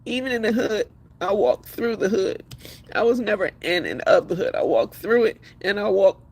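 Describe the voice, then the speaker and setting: A woman's voice: mid-range voice, normal speed, gravelly, a little mellow, slightly rough. A woman speaking emphatically and defiantly on a live stream while crying. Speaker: livestreamer. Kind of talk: emotional live stream talk.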